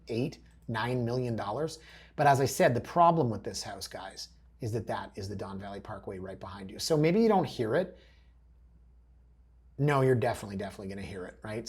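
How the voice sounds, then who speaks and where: A man with a husky, slightly breathy voice talks viewers through house listings in a loose, chatty way. He keeps dropping wry, joking asides as he goes. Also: on the low side. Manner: chatty, addresses viewers directly. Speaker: real estate agent host. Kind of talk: casual commentary over listing photos.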